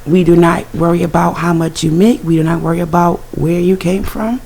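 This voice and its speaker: Woman with a scratchy fry-heavy voice, low-ish, eager and upbeat on local radio. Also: fairly even intonation, fairly quick, a little mellow. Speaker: guest, organization director. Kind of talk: casual radio talk.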